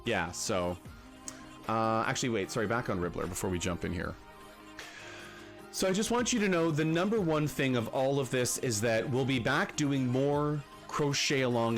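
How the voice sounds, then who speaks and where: A man hosting a casual livestream, chatting with his viewers. His talk is animated, jumping between greetings and rants. Faint music plays underneath. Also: mid-range voice. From Canada. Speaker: livestream host.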